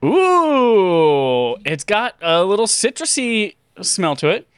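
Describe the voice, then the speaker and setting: Goofy high-voiced podcast host man. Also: normal speed, clean tone, no room sound, clean studio sound. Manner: goofy, jokey, animated with silly voices. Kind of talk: casual gaming podcast chat.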